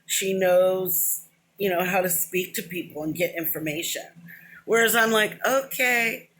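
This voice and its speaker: A woman's voice: lowish voice, unhurried. Rambling middle-aged woman vlogging. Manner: rambling, self-described, wanders off and says "but anyway"; emotional, openly talks about crying. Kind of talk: casual rambling monologue to camera. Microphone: camera close to the face, within arm's reach.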